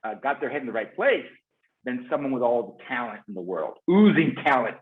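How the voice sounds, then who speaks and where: Man, rapid-fire passionate talk, lively pitch swings, tinny phone-like call audio. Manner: rapid, passionate, repeats words and restarts. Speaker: guest expert on phone sales teams. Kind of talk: fast enthusiastic webinar talk.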